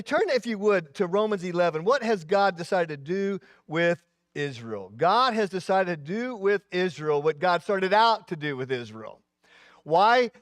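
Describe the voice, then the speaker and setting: A man in his sixties, a pastor giving a sermon in an animated preaching style, his voice rising and dropping, with asides. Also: high-pitched, no room sound, clean studio sound.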